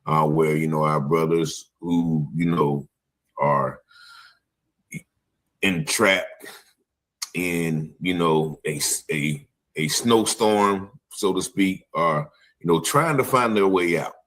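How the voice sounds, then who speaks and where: A man in a casual Bible class discussion, speaking haltingly with many fillers as he introduces a video. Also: low-pitched, a bit bright. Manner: halting, full of "uh" and "you know".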